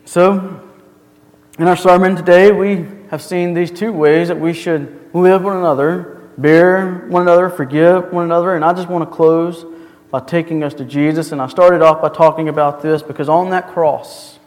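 A man's voice: a little high, fairly even intonation, moderate pace, a little mellow. A male pastor delivering a sermon in a church, earnest and full of rhetorical questions. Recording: long hall reverb.

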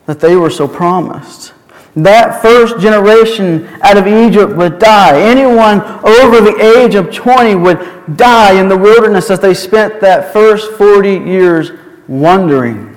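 Slow, high-voiced male preacher. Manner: storytelling, emphatic. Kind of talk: sermon. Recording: long hall reverb.

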